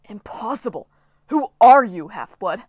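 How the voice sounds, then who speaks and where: A woman's voice: fairly low pitch, moderate pace, no echo, clean studio sound, lightly acted. A woman voicing a gloating storm spirit villain. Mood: shocked. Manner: gloating, menacing.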